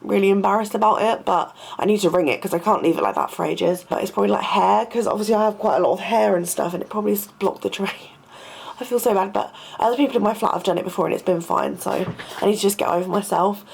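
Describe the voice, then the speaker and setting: A young woman, a university student, chatting casually in a rambling vlog from her student flat. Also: medium pitch, quick pace, gravelly, slightly rough. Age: young adult. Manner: rambling, lots of "like" fillers.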